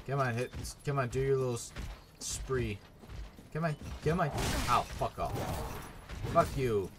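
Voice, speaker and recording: A man's voice: medium pitch, measured pace, pauses often, a bit bright, a little hiss or hum. A young man commentating his own gameplay, swearing and sarcastic as he rants at enemies. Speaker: gaming YouTuber.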